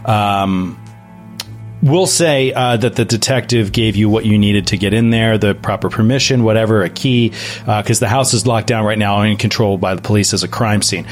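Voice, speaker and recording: A man's voice: lowish voice, moderate pace, faint music behind. A man running a tabletop horror game as game master, joking and laughing often with his players.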